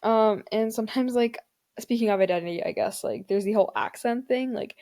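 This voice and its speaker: A woman's voice: fairly high pitch, a little fast, dark tone. Chatty young woman hosting a podcast. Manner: rambling, lots of "like" fillers, laughs often. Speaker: podcast host. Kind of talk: casual solo chat.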